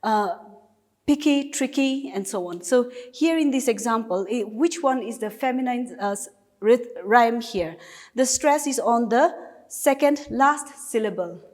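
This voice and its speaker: Speaking a little slowly in a fairly high voice, a woman teacher from Nagaland, India, delivers a recorded class lesson in Naga-accented English. Her approach is patient and stepwise, with repeated examples.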